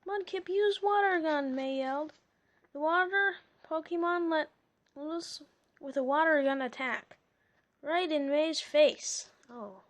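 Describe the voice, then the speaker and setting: A woman reads a children's storybook aloud at an unhurried pace, her voice high. She keeps stopping for chatty, amused asides. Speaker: reader.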